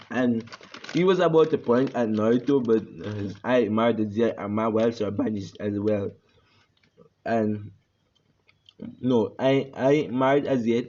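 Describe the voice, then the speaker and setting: A man's voice: medium pitch, a little slow, darkish tone, a little hiss or hum. A man casually retelling a fan story, rambling with many fillers and restarts, on a dull lo-fi recording.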